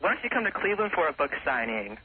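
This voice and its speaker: A man's voice: a little high, very animated, rapid-fire, slight background noise. A man doing a gushing campy caller on a phone line. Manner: exaggerated campy voice. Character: campy, swooning male fan caller. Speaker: prank caller. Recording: tinny phone line on radio.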